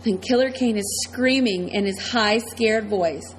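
A woman's voice: mid-range voice, a little slow, a little hiss or hum, rough recording. Woman narrating a tense story. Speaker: audiobook narrator. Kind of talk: first-person scripted narration.

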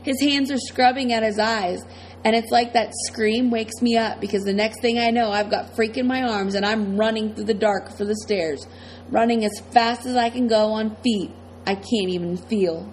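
A woman's voice: a little high, fairly even intonation, moderate pace, a little hiss or hum, rough recording. A woman reading a first-person novel aloud as audiobook narrator, in a tense, dramatic way.

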